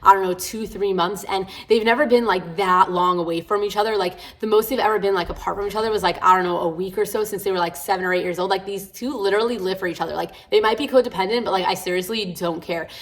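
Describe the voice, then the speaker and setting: Fast-talking gushing woman book vlogger. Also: mid-range voice. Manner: gushing, rambling with frequent "like" and swearing. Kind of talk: casual reading vlog chat.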